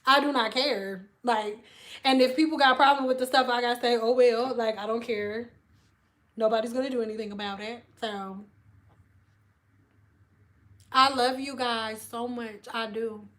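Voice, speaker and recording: Woman in her thirties, high voice, blunt candid livestream chat, phone mic, swears, repeats phrases for emphasis. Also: steady tone, normal speed, long pauses, fairly bright tone. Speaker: former hairstylist doing a livestream. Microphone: phone camera.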